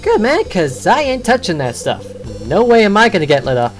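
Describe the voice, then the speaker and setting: Woman doing excitable slangy hotel kid, voice jumps all over. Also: medium pitch, fairly quick, soft background music, voice pushed up, lightly acted. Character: excitable young male bellhop, slangy and jumpy.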